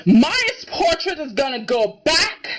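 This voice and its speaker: A woman quoting an angry young man storming out, curt and defiant, in her own high voice. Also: very animated, slow pace, a little hiss or hum, exaggerated voice.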